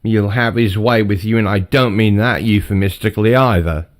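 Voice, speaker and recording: Wry low-voiced male stream host. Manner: dry, wry, drawn-out teasing. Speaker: livestream host. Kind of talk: casual livestream chat.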